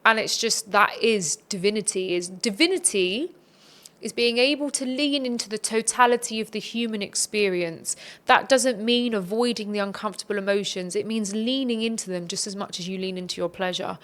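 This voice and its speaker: A woman's voice: mid-range voice, normal speed, a bit bright. A woman speaking as a podcast guest, giving earnest, reflective advice in a conversational tone.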